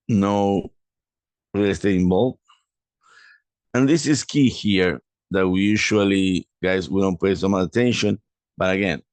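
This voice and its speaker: Deep-voiced man explaining a property deal. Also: a little mellow, no room sound. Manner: halting, many restarts and self-corrections. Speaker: real estate investor presenting a deal. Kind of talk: walking through a deal spreadsheet.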